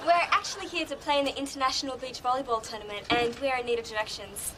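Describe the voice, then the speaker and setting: An actress playing a sweet, polite young Australian woman athlete with a high, bright voice and an Australian accent. Her lines sit over a noisy sitcom soundtrack. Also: steady tone, fast, natural voice. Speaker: visiting beach volleyball player. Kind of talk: sitcom acting.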